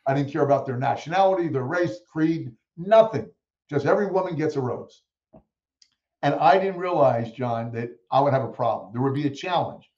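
A man telling stories as a guest in an interview, acting out the people he quotes with lively energy. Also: mid-range voice, moderate pace, reverberant, lo-fi sound. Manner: animated storyteller who acts out quoted voices. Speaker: guest speaker. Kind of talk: storytelling in a podcast interview.

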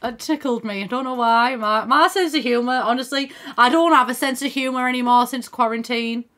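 A woman's voice: on the high side, a little fast, fairly bright tone. Chatty young woman streaming a game. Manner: chatty, thinks aloud, thanks viewers by name; swears casually and laughs often. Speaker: live streamer. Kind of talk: casual gaming stream chat.

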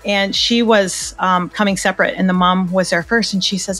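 A woman's voice: medium pitch, steady tone, a bit bright, faint music behind. Chatty Minnesota-accented woman. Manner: chatty storyteller, quick laughs, fillers. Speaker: guest photographer. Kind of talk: casual interview chat.

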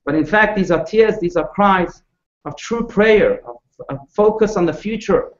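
Male rabbi, storytelling lecture, expressive, slightly high voice, echoey room. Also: unhurried, long pauses. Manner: expressive, with wide swings in pitch and loudness; asks the audience questions. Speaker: rabbi teaching a class. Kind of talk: storytelling lecture to a live audience. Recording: echoey room, dull lo-fi sound.

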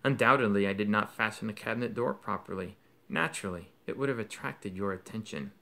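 A man voicing a calm, wise old headmaster who speaks quietly and gently in a measured way. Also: on the low side. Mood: gentle.

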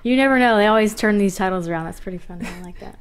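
A woman in her twenties from Georgia with a softened Southern accent, chatting as a guest in a studio interview, giggly and bubbly. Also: medium pitch, very fast. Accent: Southern US, toned down. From Georgia, USA. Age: 20s. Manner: giggly, bubbly, laughs often. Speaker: actress, guest. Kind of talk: casual interview chat.

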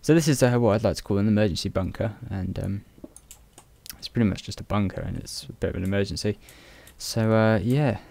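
Gravelly young man swearing through his game. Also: on the low side, a little fast, mellow, no echo. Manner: chatty, self-mocking, sweary. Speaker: gaming video host. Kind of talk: casual game commentary.

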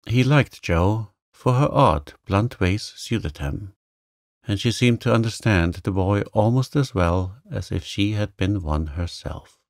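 Slow, gravelly, calm male storyteller. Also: fairly low pitch, dry recording, studio quality. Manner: gentle, soothing. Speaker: narrator. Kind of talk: calm bedtime story reading.

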